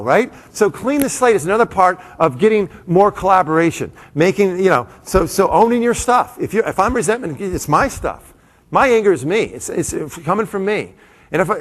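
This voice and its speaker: Fast, high-voiced male keynote speaker. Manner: animated, self-interrupting, quick asides to the audience. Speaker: motivational speaker. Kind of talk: live comedic keynote talk to an audience. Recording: long hall reverb.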